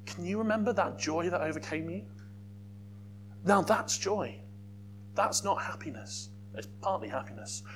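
A man preaching a sermon as a youth worker, lively, with joking asides to the congregation. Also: high-pitched, slight background noise.

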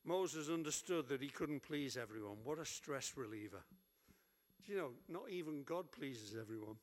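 A man preaching a sermon as pastor, lively and humorous, acting out little prayers. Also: medium pitch, moderate pace. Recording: long hall reverb.

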